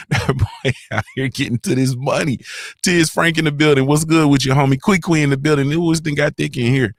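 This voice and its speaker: A man hosting a casual morning livestream from his home, speaking in a laid-back, slangy way as he shouts out his viewers. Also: a little high, fairly even intonation, normal speed, no room sound. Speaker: morning show host.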